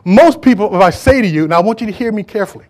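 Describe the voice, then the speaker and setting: This pastor's voice sits high, expressive and rapid-fire, as he preaches in church. Conversational but emphatic, he drives his points home through repetition.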